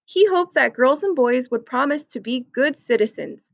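A woman's voice: sits high, expressive, moderate pace, creaky, dry recording, muffled recording, exaggerated voice. A woman reading as an encouraging schoolteacher. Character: kind female schoolteacher, encouraging.

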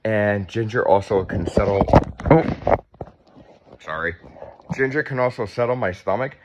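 In a casual home vlog, a man in his fifties talks about being sore and tight after surgery, chatty and blunt and swearing freely. His medium-pitched voice is very animated yet unhurried, with long pauses. The lo-fi recording sounds dull.

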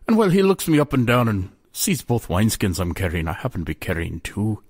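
A man's voice: on the low side, wildly swooping pitch, fairly quick, darkish tone, breathy edge, dry recording, studio quality. A man telling a first-person Renaissance-faire tale in a faux-old dialect. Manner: faux-Renaissance dialect, says aye and me skin. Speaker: storyteller.

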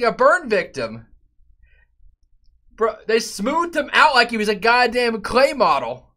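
Dude streaming games, bright sharp voice, swears a lot, goes off loud out of nowhere. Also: male voice, extremely high pitch, wildly swooping pitch, slow, pauses often. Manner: loose and profane, bursts into loud outbursts. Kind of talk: casual live-stream chat.

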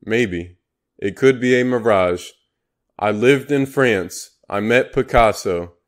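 A man's voice: on the low side, takes it slowly. A man reading the part of a scruffy old male painter who talks bluntly and crudely. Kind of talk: audiobook character reading.

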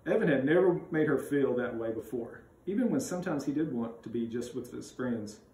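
A man reading a children's chapter book aloud with expressive, animated narration. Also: mid-range voice, a little fast. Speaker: school read-aloud reader. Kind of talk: storybook read-aloud. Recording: roomy sound, mic at a distance.

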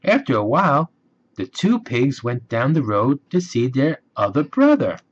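Slow husky male storybook reader. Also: medium pitch. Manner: slow, expressive read-aloud. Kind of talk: reading a children's storybook aloud. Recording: dull lo-fi recording.

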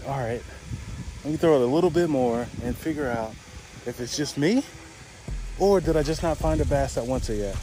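A man, chatting excitedly to viewers in a casual fishing vlog, recorded outdoors by a pond. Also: mid-range voice, slight background noise. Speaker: fishing vlogger.

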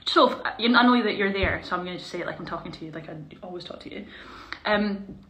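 A young woman chatting casually to her viewers on a live stream while doing her makeup, bubbly and chatty, sometimes dropping into quiet mutters. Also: medium pitch, fast. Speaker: performer hosting a live stream. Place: small indoor room. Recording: echoey room with faint hiss.

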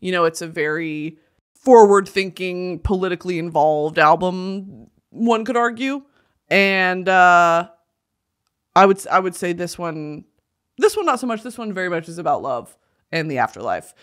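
A young woman hosting a podcast in casual chat, animated and gushing, laughing often and poking fun at herself. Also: on the low side, normal speed. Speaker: podcast host.

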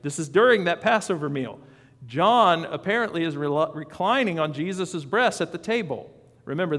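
A man's voice: fairly high pitch, big-room sound. A man preaching a sermon as pastor, in a conversational style with asides and questions to the congregation. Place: church sanctuary.

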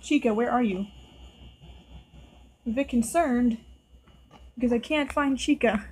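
A woman's voice: on the high side, measured pace, a little mellow, a little hiss or hum, rough recording. Nervous woman playing a scary game. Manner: nervous, talks to the game characters. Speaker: gameplay video host. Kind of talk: casual let's-play commentary.

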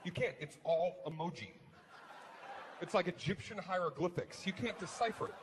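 A man performing a stand-up comedy routine on stage, animated, swinging between hushed mutters and shouted rants. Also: sits high, moderate pace. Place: large comedy venue. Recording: live hall with crowd noise. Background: audience laughter.

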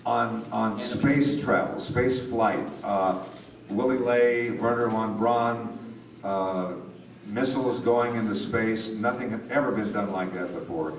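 An older man telling an animated story on a convention panel, recorded from far off in an echoey hall. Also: on the low side, takes it slowly, noisy background. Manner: animated anecdote teller with acted quotes. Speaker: panel guest, voice actor.

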